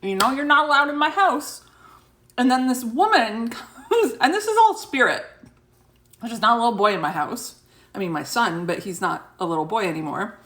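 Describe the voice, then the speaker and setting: A woman's voice: a little high, expressive, moderate pace, fairly bright tone. A woman in her thirties in a casual, rambling chat to her viewers as a spiritual vlogger, full of fillers and asides.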